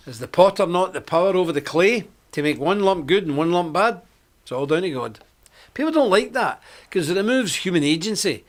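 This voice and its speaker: Man, fairly high voice, very animated pitch, preachy, combative, emphatic. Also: brisk. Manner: emphatic, combative, repeats points for stress. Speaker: host of a live online report. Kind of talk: preachy monologue.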